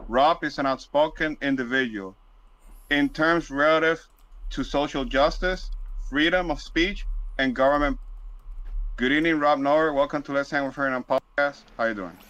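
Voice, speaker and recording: A man's voice: fairly high pitch, normal speed, a bit bright, no echo, muffled recording. A man with a Spanish accent whose first language is Spanish, hosting a casual podcast interview and reading a formal introduction of his guest. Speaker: podcast host. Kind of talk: casual audio-space interview.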